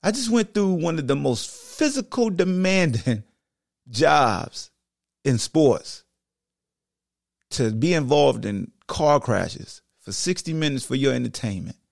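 A man hosting a sports podcast, talking with emphatic repetition that swings between low, heavy stretches and high, excited bursts. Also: slow, vocal fry, no echo, studio quality. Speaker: podcast host and former football player. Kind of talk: impassioned monologue.

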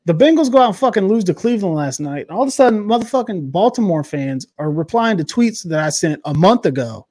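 Man, sports podcast co-host, profane, worked-up rants, slightly high voice, dry close sound. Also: expressive, brisk, darkish tone, no room sound. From Cincinnati area. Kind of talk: casual sports chat.

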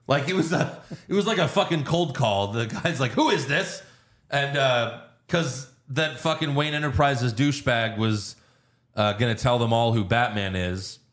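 A man's medium-pitched, slightly bright voice carries a laid-back movie review conversation. As co-host of the podcast, he goes through the film scene by scene, voicing the characters and swearing liberally.

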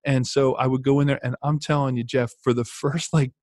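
A former football player telling lively anecdotes in casual chat, with many fillers and restarts. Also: male voice, mid-range voice, a little fast, no room sound.

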